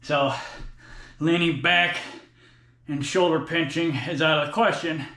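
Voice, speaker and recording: A man's voice: a little high, steady tone, a little slow, sharp tone. Profane, breathless man in an echoey gym. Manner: profane, blunt, talks between sets with sighs. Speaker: fitness vlogger. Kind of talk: workout vlog talk.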